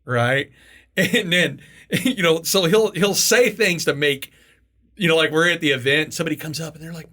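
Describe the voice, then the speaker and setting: A man hosting an interview, telling stories in a casual, animated way, laughing and swearing as he goes. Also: fairly high pitch, moderate pace. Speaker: podcast host.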